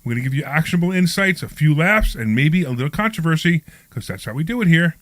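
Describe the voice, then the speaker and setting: A man hosts a live radio talk show, moving from an upbeat, scripted intro into loose banter with his co-hosts. His voice sits on the higher side. The studio sound is dry and close. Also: expressive, fast, fairly bright tone, dry recording. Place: studio at a training office.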